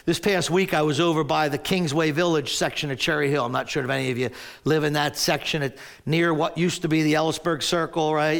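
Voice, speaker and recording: A man's voice: on the high side, vocal fry, a bit bright. A man in his sixties preaching a sermon as a pastor, telling a story animatedly and often stumbling over restarts.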